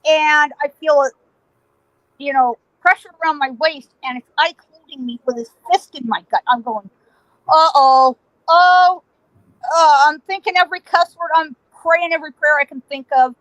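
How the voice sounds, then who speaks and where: A middle-aged woman telling a story as a podcast guest, lively and laughing, acting out the voices in it. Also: sits high, normal speed, dry recording, dull audio. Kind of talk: animated storytelling.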